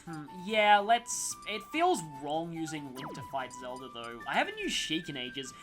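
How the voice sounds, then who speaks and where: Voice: mid-range voice, huge pitch swings, normal speed. A gameplay commentator talking casually over a let's-play, rambling through gaming trivia and side stories. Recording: game music playing under voice. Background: game music.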